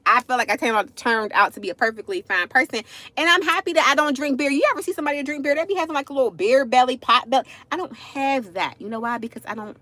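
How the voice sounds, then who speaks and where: A woman's voice: high-pitched, quick pace, sharp tone, dry recording. A woman, telling a casual story on a livestream, chatty, addressing viewers as y'all, with frequent asides. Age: 40s.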